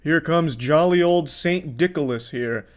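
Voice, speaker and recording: A man's voice: on the high side, measured pace. A man giving sarcastic, profane reaction commentary on video clips, mocking the people in them.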